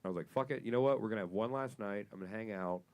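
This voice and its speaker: A young man performing a stand-up comedy set, telling a profane story and building up to loud punchlines on a club stage. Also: fairly low pitch, very fast.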